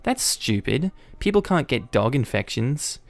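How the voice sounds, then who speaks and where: A man's voice: mid-range voice, big pitch swings, measured pace, gravelly, no echo, faint music behind. A man reading the lines of a pushy, indignant entitled mother in a story, demanding and huffy.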